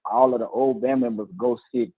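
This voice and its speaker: A man in his thirties, a teacher and co-host, telling stories in casual slangy chat and acting out quotes with lively voices. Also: medium pitch, brisk, breathy edge, no echo, phone-quality sound. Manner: animated storytelling, slangy, acts out quotes.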